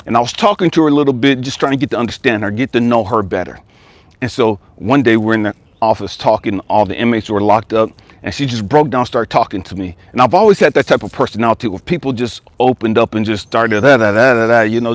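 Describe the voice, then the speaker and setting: A man's voice: fairly low pitch, dry recording. A man who is a life coach, giving an emphatic motivational talk. He repeats key phrases and builds intensity as he goes.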